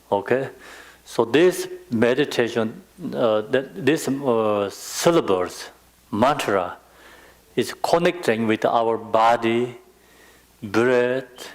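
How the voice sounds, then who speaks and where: A man with a Tibetan accent giving a dharma teaching on meditation, speaking patiently with simple phrasing and frequent pauses and fillers. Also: mid-range voice. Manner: slow, patient, non-native phrasing with many fillers.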